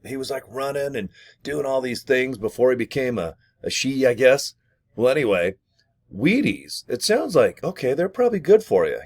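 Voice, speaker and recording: A man talking to camera in a jokey, rambling way while pitching an affiliate program from his small home studio. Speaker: vlogger promoting an affiliate program. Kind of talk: casual rambling sales talk to camera.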